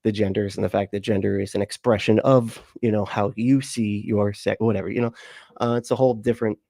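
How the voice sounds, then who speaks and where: A man's voice: on the low side, steady tone, fairly quick, vocal fry, dark tone, no echo. A man hosting a casual livestream, rambling with viewers, swearing freely and laughing often. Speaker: livestream host.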